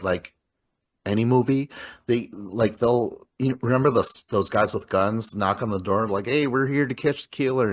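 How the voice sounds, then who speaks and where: A man's voice: on the low side, husky. A man talking casually through a film's scenes, rambling with many filler words as he recaps the plot. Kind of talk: casual film discussion.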